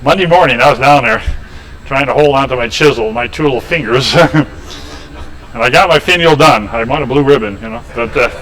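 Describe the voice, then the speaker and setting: A man's voice: medium pitch, fairly quick, fairly bright tone, rough recording. A man in a woodshop, demonstrating woodturning and telling rambling, folksy anecdotes with chuckles. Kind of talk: casual storytelling during a lathe demo. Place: woodshop, indoors.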